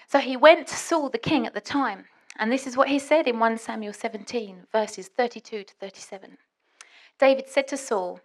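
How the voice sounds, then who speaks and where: A woman preaching a sermon in a church, dramatic and swinging between hushed and loud. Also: fairly high pitch, a little fast.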